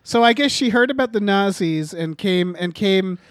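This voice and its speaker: Male podcast co-host, high-pitched, dry close mic, profane exasperated rambling. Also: animated, moderate pace, no room sound. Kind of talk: casual movie review chat.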